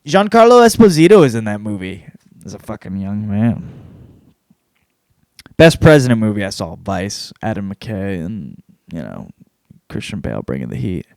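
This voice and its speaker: A man's voice: on the low side, very animated, normal speed, creaky, pauses often, darkish tone, no room sound, studio quality. A man hosting his own podcast, rambling through a casual rundown with plenty of swearing and blunt opinions. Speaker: podcast host.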